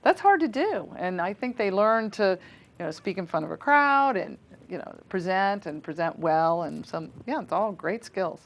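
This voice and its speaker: A woman's voice: medium pitch, lively intonation, normal speed. A woman in her forties, a school foundation volunteer, talking casually in an interview with many fillers and restarts. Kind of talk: casual interview on local cable TV.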